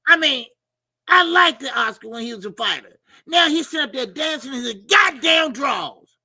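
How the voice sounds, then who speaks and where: High gravelly guy yelling and cussing about boxing, bright tense voice, dry sound. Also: moderate pace, no echo. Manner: animated, shouting rants, profane, laughing. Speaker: boxing commentary channel host. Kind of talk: loud casual commentary.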